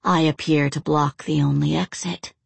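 A woman's voice: low voice, fairly even intonation, a little slow, gravelly, a little mellow, husky, no echo, heavily acted. A woman voicing a menacing male Norse warrior who growls with a trembling voice, as in an audiobook. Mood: mocking. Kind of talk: audiobook character voice.

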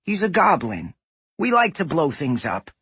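Man doing a fretful goblin engineer, raised voice, apologetic, husky breathy tone, dry close sound. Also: fairly high pitch, huge pitch swings, a little slow, a bit bright, no echo, pitched above the performer's own voice, full character voice. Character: anxious young male goblin engineer. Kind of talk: audiobook character voice.

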